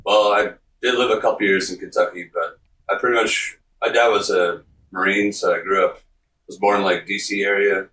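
Laid-back southern guy on a video call, real deep voice, sounds roomy and a bit far off. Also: fairly even intonation, normal speed, bright, forceful tone, a little hiss or hum. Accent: light Southern American. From Southeastern United States. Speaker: podcast guest. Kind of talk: casual chat.

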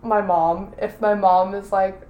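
A woman's voice: medium pitch, flat delivery, unhurried, highs cut off. A young woman co-hosting a podcast in a casual chat, talking with exaggerated outrage and laughing often. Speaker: podcast co-host. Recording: roomy echo.

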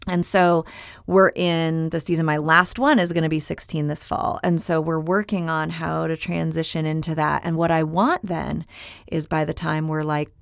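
A woman's voice: deep voice, flat delivery, normal speed, creaky, no echo, studio quality. A woman in her forties co-hosting a parenting podcast, talking steadily and reflectively in long runs. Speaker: podcast co-host. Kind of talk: casual podcast chat.

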